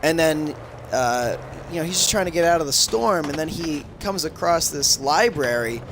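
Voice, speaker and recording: A man's voice: fairly high pitch, expressive, normal speed. Rambling, swearing young man, crackly audio. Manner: rambling, profane storytelling with lots of fillers. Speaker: streamer retelling a film. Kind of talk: casual chat. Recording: crackly audio with background noise.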